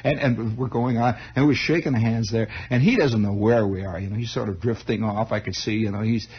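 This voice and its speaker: Husky man rambling through a radio story. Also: lowish voice, steady tone. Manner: rambling, halting, many restarts. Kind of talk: improvised radio monologue. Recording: dull lo-fi 1960s radio broadcast.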